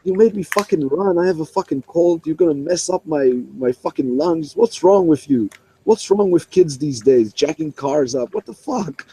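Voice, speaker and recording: A man voicing an angry male police officer who curses and shouts at a suspect. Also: medium pitch, expressive, brisk, few pauses, slightly rough, low-quality recording. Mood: furious. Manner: shouting, cursing, exasperated. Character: furious sick male police officer yelling.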